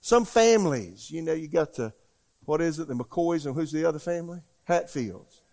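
A man's voice: fairly high pitch, animated, moderate pace, dark tone. An older man, preaching a sermon in a folksy, emphatic way and asking the congregation questions. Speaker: pastor.

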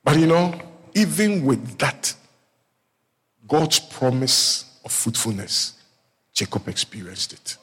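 A male pastor preaching a sermon, telling a Bible story with lively acted-out voices and calling out to his congregation. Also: fairly high pitch, husky. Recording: echoey hall reverb.

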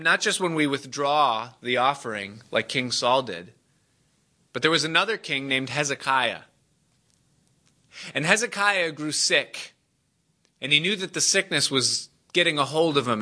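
A man preaching a sermon to a congregation, acting out the people in the story with dramatic swings in his voice. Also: bright, forceful tone. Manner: dramatic, acts out quoted voices with big pitch jumps. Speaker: pastor.

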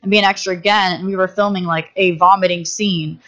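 A woman who directs films, a guest telling stories on a podcast in a lively way, acting out the people she quotes and using many fillers. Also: medium pitch, fast talker. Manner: animated, acts out quoted voices, many fillers. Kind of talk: casual storytelling.

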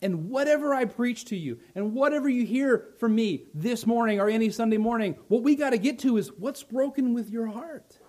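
A male pastor preaching a sermon, building to loud emphatic lines, then dropping soft and slow. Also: very high-pitched.

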